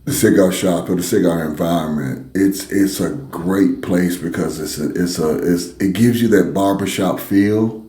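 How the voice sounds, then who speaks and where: A man's voice: low voice, normal speed, dark tone, roomy sound. A man co-hosting a casual sports and cigar talk show, laid-back and teasing.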